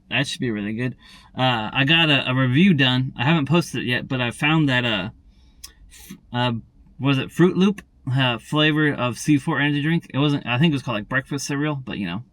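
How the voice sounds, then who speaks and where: Here the daily vlogger talks straight to his audience in loose, rambling chat, repeating words and leaning constantly on "and everything" and "tell you what." His pitch is middling and his tone fairly bright. The recording is dry.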